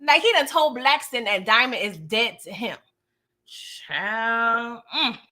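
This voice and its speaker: Woman, 30s, from New York; chatty, sassy recap vlogger, bright higher voice. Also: slow pace. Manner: chatty, sassy, animated asides with frequent "okay?". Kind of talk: casual episode recap.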